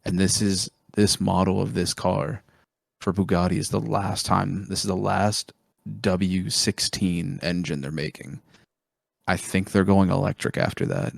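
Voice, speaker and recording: His voice is deep and gravelly, with a steady tone and measured pace, on a dry recording. As a podcast co-host, this man chats eagerly and loosely about cars, cursing often along the way.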